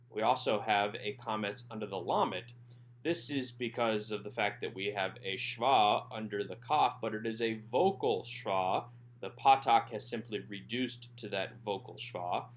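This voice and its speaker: A man's voice: fairly low pitch, a bit bright, slight background noise. Methodical male Hebrew grammar teacher. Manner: methodical, slows down to sound out Hebrew words. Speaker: Hebrew instructor. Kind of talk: recorded workbook lesson.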